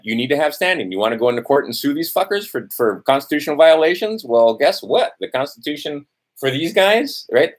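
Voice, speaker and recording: Profane, testy ranting man. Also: mid-range voice. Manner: profane, testy, repeats "right?"; reads from notes, loses his place. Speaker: vlogger. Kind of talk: heated ranting monologue to camera.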